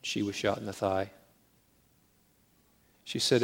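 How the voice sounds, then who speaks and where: A man preaching a sermon, moving between loud, emphatic declarations and hushed, intimate storytelling. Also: fairly low pitch, flat delivery, slow pace, vocal fry, pauses often. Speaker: pastor.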